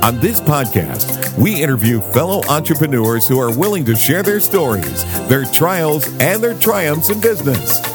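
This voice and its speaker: A man reading a scripted podcast introduction in a smooth announcer delivery. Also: a little high, big pitch swings, moderate pace, hardly any pauses, music in the background. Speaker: show announcer. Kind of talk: scripted show intro over music.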